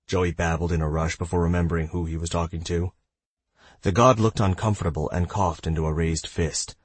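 A man reads a fantasy audiobook in a steady storytelling manner. His voice is deep and husky. The recording is close and dry. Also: fairly quick, no echo. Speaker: audiobook narrator. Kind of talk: scripted narration.

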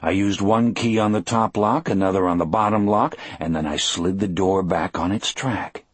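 A man narrating a first-person audiobook in a measured, expressive storytelling voice. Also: deep voice, breathy edge, no room sound.

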